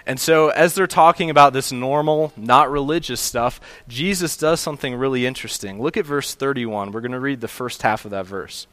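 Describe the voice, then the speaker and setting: A man delivers a Sunday sermon in an even, mid-range voice, easy and conversational, often circling back to restate a point. The sound is dry and close, with no room around it. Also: mid-range voice, normal speed, few pauses, no echo. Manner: storytelling, conversational with small restarts. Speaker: pastor.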